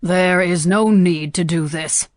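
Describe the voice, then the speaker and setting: A composed middle-aged senator , as a woman narrator puts him on, speaks with a Southern drawl in an audiobook. His tone is steady and persuasive, with the measured calm of a practiced negotiator. The voice sits low and the recording is dry and close. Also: no room sound, natural voice.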